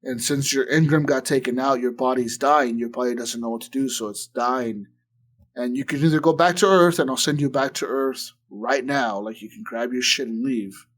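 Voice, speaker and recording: A man in a relaxed podcast conversation, telling a long story in a loose, rambling way. His voice sits at an ordinary middle pitch, and he keeps stacking fillers and curses while acting out the other people's lines. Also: moderate pace. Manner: rambling retelling full of "like" and swearing, acting out quotes. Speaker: podcast co-host. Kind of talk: casual chat.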